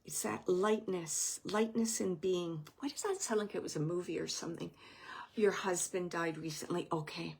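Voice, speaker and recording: A woman reading oracle cards as a medium, speaking gently and reassuringly, thinking aloud with many fillers and pauses. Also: fairly low pitch, gravelly, breathy edge. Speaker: oracle card reader and medium. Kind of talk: intuitive card reading for a viewer.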